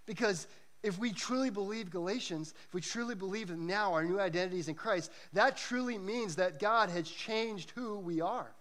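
High-voiced man preaching earnestly. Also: normal speed, fairly bright tone. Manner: earnest, emphatic preaching with storytelling. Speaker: pastor. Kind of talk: sermon. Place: church service.

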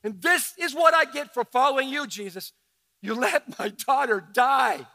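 A man's voice: very high voice, sing-song, a little fast, vocal fry, husky, no room sound, heavily acted. A man preaching, voicing a desperate, grieving father who angrily accuses Jesus of abandoning him. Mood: bitter, accusing. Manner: pleading, accusing, rising to a shout. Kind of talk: sermon.

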